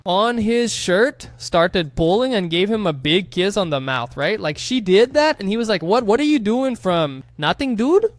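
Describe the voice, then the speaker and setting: A man casually recapping a comic story, excitable and slangy, teasing the viewers with asides. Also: high voice, no echo. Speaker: manhwa recap narrator.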